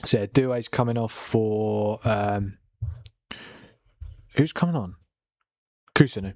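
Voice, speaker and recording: A man hosting a late-night football watchalong from home, excitable and laughing, swearing as he reacts to the match. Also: fairly low pitch, takes it slowly, no echo, studio quality. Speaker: watchalong host. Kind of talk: live football watchalong commentary. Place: home at night, keeping quiet.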